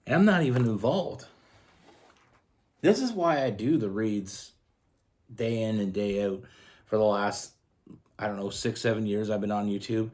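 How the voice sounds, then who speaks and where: Pausing often and speaking a little slowly, a Canadian man gives a casual tarot love reading in a fairly low, darkish voice. He comes across as earnest and rambling, with frequent restarts.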